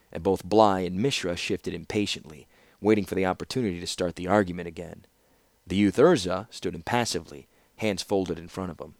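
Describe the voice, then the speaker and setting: Low-voiced man reading a fantasy audiobook. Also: no room sound, clean studio sound. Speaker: fan audiobook reader. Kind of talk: audiobook narration.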